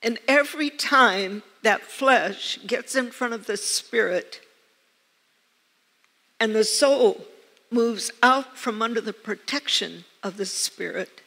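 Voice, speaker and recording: Woman preaching slowly in an echoey church hall. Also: a little high, vocal fry. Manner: earnest storytelling with soft laughs. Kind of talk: sermon.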